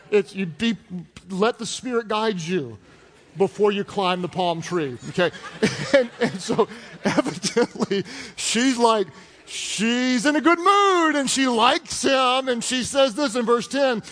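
A man preaching a sermon as pastor, animated and joking in a conversational way. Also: high-pitched, normal speed. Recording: long reverb of a large hall.

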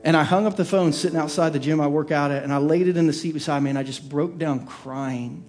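A man preaching a sermon as pastor, telling a personal story in an earnest way that sinks into a hushed, soft voice at tender moments. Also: fairly high pitch, quick pace, soft background music.

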